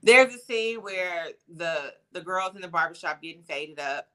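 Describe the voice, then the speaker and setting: A woman co-hosting a casual chat podcast, relaxed and talkative with lots of fillers. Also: lowish voice, moderate pace. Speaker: podcast co-host.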